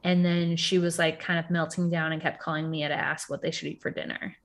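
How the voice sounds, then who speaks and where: A woman with a frank, animated manner, chatting casually about a reality show and swearing freely. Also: low-pitched, a little fast. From Puerto Rico.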